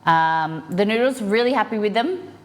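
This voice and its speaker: A woman cooking streamer chats with her viewers on a live stream from her home kitchen, upbeat and talkative, reacting to the chat as she cooks. Her voice is mid-range and animated, at a moderate pace.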